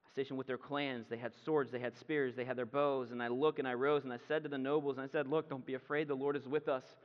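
Man preaching in a reverberant church. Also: medium pitch. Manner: conversational preaching with asides. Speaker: pastor. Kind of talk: sermon. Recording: muffled sound with long hall reverb.

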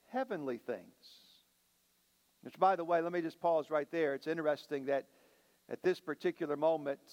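High-voiced male pastor in a reverberant hall. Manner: preaching with dramatic slowdowns and rising emphasis. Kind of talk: sermon.

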